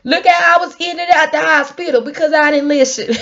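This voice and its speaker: A woman giving a casual, rambling motivational talk, laughing often and swinging from loud to hushed. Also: sits high, brisk, lo-fi sound. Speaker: motivational vlogger.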